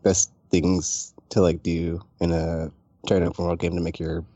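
A man in casual gaming chat who talks in an animated, sarcastic way and acts out quotes. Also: sits low, a little slow, breathy edge, no room sound, highs cut off.

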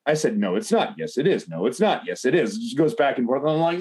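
A man's voice: mid-range voice, sing-song, fast, few pauses, a little mellow, breathy edge. A man telling a long personal story in casual podcast chat, rambling with lots of fillers and swearing.

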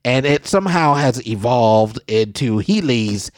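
A man from Southeast Texas co-hosting a casual talk show, animated and exasperated, with sudden high squeals. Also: measured pace, dry recording, clean studio sound. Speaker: co-host. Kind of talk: casual podcast banter.

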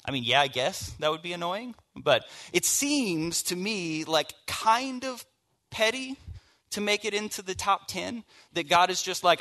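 Southern guy preaching, bright voice, chatty then goes quiet and low for the heavy bits. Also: lively intonation, measured pace. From American South. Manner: storytelling, conversational, shifts from hushed to emphatic. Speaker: pastor. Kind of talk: sermon.

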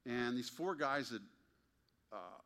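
A pastor delivering a Sunday sermon in a bright, ringing voice at an ordinary male pitch. He drives his points with emphasis and leans on wry, pointed rhetorical questions to the congregation. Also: animated, slow.

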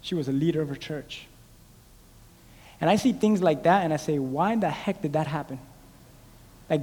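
A man preaching a sermon, calling on the congregation and swinging from loud exhortation to hushed storytelling. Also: on the high side, expressive, brisk, pauses often. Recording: live in a reverberant hall.

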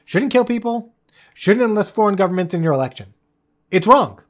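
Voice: mid-range voice, expressive, quick pace, a little mellow. Us podcast host going off on a solo rant, heated, swearing, tripping over restarts. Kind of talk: solo political commentary rant.

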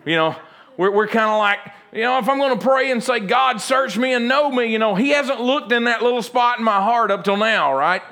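A man's voice: high-pitched, a little fast, bright, forceful tone. A man pastor preaching a folksy, humorous sermon and acting out little everyday scenes.

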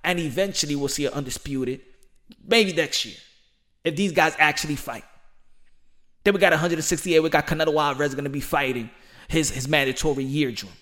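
A man's voice: fairly high pitch, fairly quick, a bit bright. A man hosting his own podcast, talking in a passionate, rambling way with casual slang and many repeats. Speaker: podcast host. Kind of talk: solo podcast commentary.

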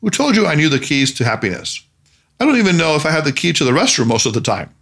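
A man's voice: on the high side, very animated, quick pace, creaky, fairly bright tone, exaggerated voice. A man voicing a mischievous, teasing male sage who talks in a soothing tone. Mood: joking.

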